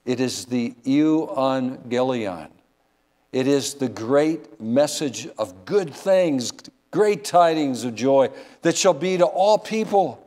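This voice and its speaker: A middle-aged man preaching a sermon at a church service, swinging from quiet low asides to loud rising exclamations. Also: animated, unhurried. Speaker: guest preacher.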